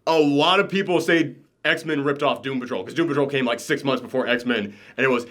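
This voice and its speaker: A man hosting a casual review chat, animated and ranting, swearing and laughing as he goes. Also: mid-range voice, a little fast, hardly any pauses. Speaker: podcast co-host reviewing a TV show.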